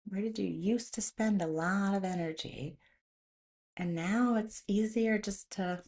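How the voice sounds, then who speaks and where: A woman's voice: mid-range voice, unhurried, a little mellow. A woman hosting a motivational talk, speaking in a conversational way and telling stories with animation. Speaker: host.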